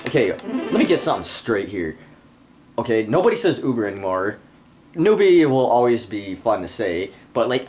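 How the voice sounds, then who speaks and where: Young man, profane gamer rant, irritable, swings wildly up and down in pitch, game music behind. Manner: foul-mouthed, irritable, ranting. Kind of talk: profane let's-play rant. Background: video game music.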